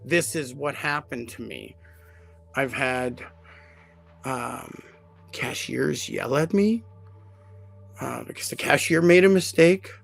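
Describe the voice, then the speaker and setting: A man hosts a live podcast and tells a personal story in a casual, heartfelt way. His mid-pitched voice is heavily gravelly and full of fry. His delivery is animated and emotional, with plenty of "um"s, and faint music plays behind him. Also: slow pace, long pauses. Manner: emotional, animated retelling with many fillers. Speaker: podcast host.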